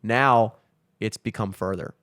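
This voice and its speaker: A man's voice: fairly low pitch, a little slow, fairly bright tone, no room sound, studio quality. A man co-hosting a podcast, rambling through casual chat with lots of fillers and swearing. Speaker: podcast co-host. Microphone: studio mic.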